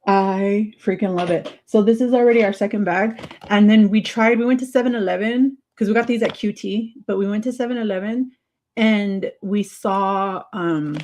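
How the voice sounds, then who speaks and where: A woman hosting a casual livestream, chatty and excitable, laughing often as she answers viewer comments. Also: medium pitch. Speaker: livestream host.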